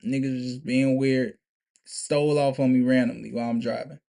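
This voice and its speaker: A man's voice: mid-range voice, level tone, fairly quick, vocal fry, mellow. A young man telling a story to camera in a casual, profane, emphatic way, restarting and repeating himself often. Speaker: vlogger.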